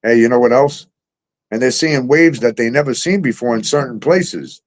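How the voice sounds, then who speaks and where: A man's voice: medium pitch, normal speed. A middle-aged man hosting a talk show, ranting with heavy profanity, sarcasm and disbelief.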